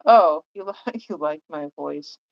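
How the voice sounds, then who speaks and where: A woman's voice: deep voice, animated, unhurried, vocal fry, dull audio. A woman chatting on a livestream in a rambling way, full of fillers and restarts. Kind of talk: casual livestream chat.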